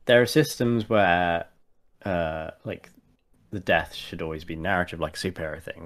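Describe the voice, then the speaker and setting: A man's voice: sits low, steady tone, moderate pace. A man chatting casually as a podcast co-host and tabletop player, rambling with many fillers and restarts. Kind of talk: casual chat.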